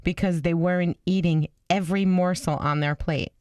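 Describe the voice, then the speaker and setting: A middle-aged woman co-hosting a radio show in casual banter, chatty and teasing, quick to laugh. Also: on the low side, fairly even intonation, darkish tone, no echo, studio quality. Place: radio studio.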